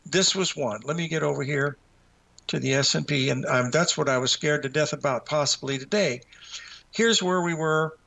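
A man's voice: a little high, normal speed, gravelly, fairly bright tone. A man hosting a live market show, out of breath, rambling as he walks through trading charts and talks to himself.

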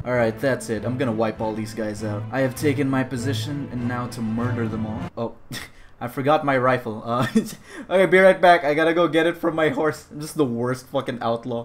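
A young man giving jokey gameplay commentary who keeps breaking into loud yelps. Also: mid-range voice, steady tone, fairly quick, noisy background. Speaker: gaming video host.

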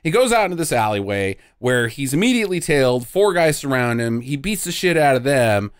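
A male podcast host walks through a film's plot in a sarcastic, jokey way, swearing freely. His pitch swings widely and animatedly as he talks, at a middle height for a man. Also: sing-song, a little fast, clear, resonant tone, no room sound, clean studio sound. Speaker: podcast host recapping a film. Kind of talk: casual movie-riffing chat.

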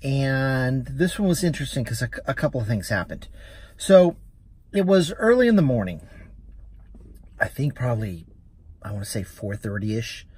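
A man's voice: medium pitch, sing-song, moderate pace, pauses often, a little mellow, breathy edge, no room sound. A man, a rideshare driver and vlogger, chatting casually as he recounts a story with quoted dialogue.

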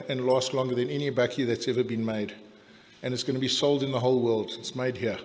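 A middle-aged South African man giving a blunt, jokey after-dinner toast that rambles with restarts, speaking in a large dinner hall. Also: mid-range voice. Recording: long hall reverb.

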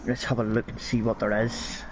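A man's voice: on the low side, little pitch movement, fairly quick, slight background noise, rough recording. A young Northern Irish man chatting casually while gaming, sweary and rambling. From Northern Ireland. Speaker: gaming streamer.

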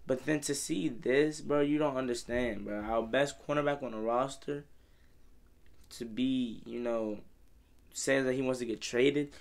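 A young man vlogging about football, rambling and exasperated, peppering his talk with "bro" and "man.". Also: mid-range voice. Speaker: sports vlogger. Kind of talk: casual fan commentary.

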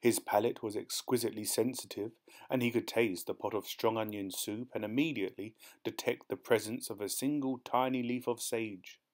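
Measured man reading a story. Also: lowish voice, fairly even intonation. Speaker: audiobook narrator. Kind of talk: scripted audiobook narration.

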